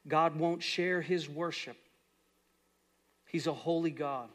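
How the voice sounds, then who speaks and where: A middle-aged man preaching a sermon as pastor, moving between loud, earnest exhortation and soft, quiet prayer. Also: fairly high pitch, steady tone, takes it slowly.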